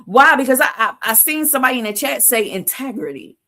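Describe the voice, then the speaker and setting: A woman's voice: high voice, expressive, fairly quick, pushed and bright. A woman hosting a livestream who gives a motivational talk in casual vernacular, asking "Why?" before each answer. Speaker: livestream host.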